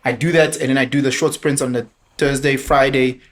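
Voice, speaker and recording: A young South African man telling a story in casual chat, animated and laughing, switching into Zulu now and then. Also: medium pitch, a little fast. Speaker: podcast guest.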